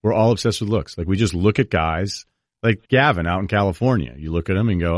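Low-voiced man hosting a chat show. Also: brisk, no room sound, studio quality. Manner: easygoing, joking, trails off and restarts. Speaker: host. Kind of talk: casual chat.

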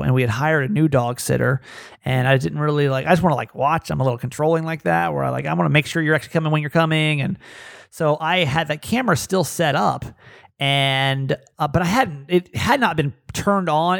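Middle-aged man, podcast host, slightly high gravelly voice, dry close sound, animated storyteller. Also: no echo. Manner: animated, acts out quoted dialogue with rising pitch. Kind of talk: casual storytelling.

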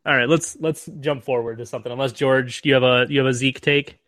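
This man speaks at a middle pitch with a dry sound and no room echo. He co-hosts a casual sports podcast chat in a laid-back, teasing way. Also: fairly even intonation, brisk, a bit bright.

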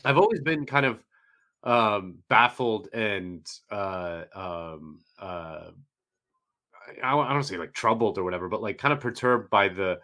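A man's voice: lowish voice, expressive, a little slow, pushed and bright. A man co-hosting a podcast, rambling with many fillers in laid-back casual talk. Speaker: podcast co-host. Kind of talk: casual chat.

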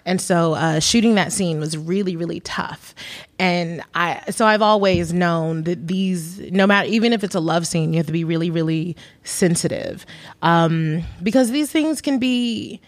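A woman in her thirties is chatting in an interview. She tells rambling, lively stories and laughs often between lines. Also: fairly low pitch, normal speed. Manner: rambling, animated storytelling with laughter. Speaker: director being interviewed. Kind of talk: casual interview chat.

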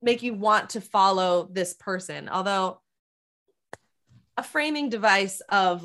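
A woman co-host in easy podcast chat, her pitch in the middle range. She is chatty and agreeable, with plenty of fillers. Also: expressive, measured pace, a bit bright. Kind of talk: casual chat.

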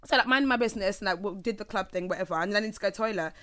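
A woman's voice: mid-range voice, rapid-fire. A young woman, co-hosting a casual podcast chat and telling stories with lots of laughter. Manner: animated storyteller, laughs often. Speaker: podcast co-host.

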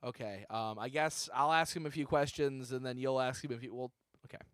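A man's voice: mid-range voice, steady tone, a little fast, a bit bright, no echo, studio quality. A man co-hosting an improvised comedy podcast, stammering and exasperated as he banters with his co-host.

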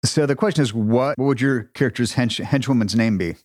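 A man's voice: medium pitch, fairly quick, a little mellow. Man, casual podcast chat, storytelling, self-deprecating, laughs a lot. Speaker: podcast co-host.

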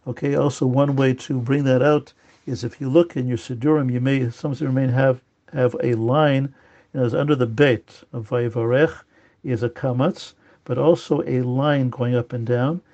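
A man giving an informal spoken lesson on prayer pronunciation, halting often with fillers and restarts and repeating key words to stress them. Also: medium pitch, fairly even intonation, warm tone, dull audio. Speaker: teacher of prayer Hebrew pronunciation.

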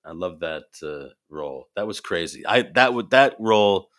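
A man, an improv performer and actor, telling animated stories in a casual chat and acting out the voices in them. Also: deep voice, moderate pace. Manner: animated, acts out voices in his anecdotes.

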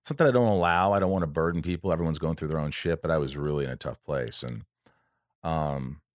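A man's voice: rumbling low, fast, no room sound, studio quality. A male podcast host in casual chat, telling a personal story in an earnest, rambling and emotional way, with frequent restarts.

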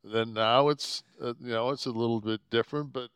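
A man co-hosting a podcast into a studio mic, with a deep voice, rambling and cursing often as he chats casually. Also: steady tone, brisk, fairly bright tone, clean tone, no room sound. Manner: rambling, swears often, restarts a lot. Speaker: podcast co-host. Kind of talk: casual profane chat. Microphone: podcast microphone.

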